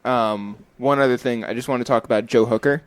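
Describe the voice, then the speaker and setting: A man hosting a podcast, asking relaxed questions and reacting with laughs. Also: medium pitch, a little fast, clean tone. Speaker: podcast host. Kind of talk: casual interview.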